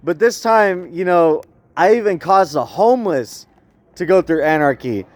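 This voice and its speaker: High-voiced man rambling outdoors. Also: animated, unhurried, dry recording. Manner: rambling, tags lines with "eh?", laughs often. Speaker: vlogger. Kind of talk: rambling casual monologue.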